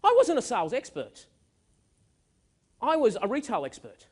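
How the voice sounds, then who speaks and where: A man's voice: extremely high pitch, huge pitch swings, normal speed. A man giving a motivational keynote speech on stage, telling stories with energy and emphasis. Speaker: keynote speaker. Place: stage at a live event.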